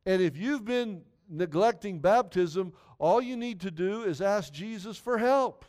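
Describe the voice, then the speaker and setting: A man's voice: high voice, lively intonation, unhurried, darkish tone. A man preaching a sermon in an earnest, conversational way, often repeating himself. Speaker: pastor.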